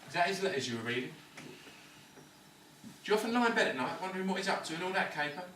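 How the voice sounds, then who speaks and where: A man's voice: high voice, lively intonation, fast, sharp tone. A man playing a cocky wide boy. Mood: scornful. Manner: swaggering, lecturing, slangy. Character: cocky London ladies' man, cynical patient. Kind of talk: amateur stage-style film acting. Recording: echoey room, distant mic, faint noise.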